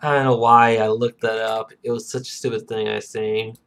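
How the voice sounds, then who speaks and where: A man's voice: on the low side, little pitch movement, a bit bright, clean tone. Rambling man hosting a chat podcast. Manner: rambling, halting, lots of fillers. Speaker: podcast host. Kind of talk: casual chat.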